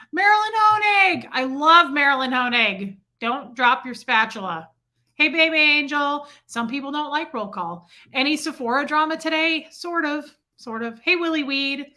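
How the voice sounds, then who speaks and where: A woman's voice: sits high, bright, forceful tone. A woman hosting a casual livestream, greeting viewers by name and chatting about her day; she mentions her son and living in Michigan. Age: adult with a child. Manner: chatty, reads out viewer names in a roll call. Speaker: livestream host.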